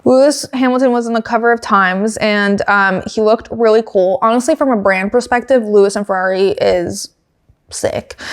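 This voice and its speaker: A woman hosting a casual motorsport podcast, chatting with many fillers, giggles and dry asides. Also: medium pitch. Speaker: podcast host. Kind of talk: casual chat recapping motorsport news.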